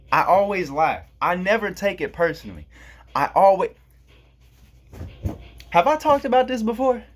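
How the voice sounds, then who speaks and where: A man from Kansas delivering a rambling, profane casual monologue, chuckling at his own jokes. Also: a little high. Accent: Black American English. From Kansas, USA. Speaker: vlogger.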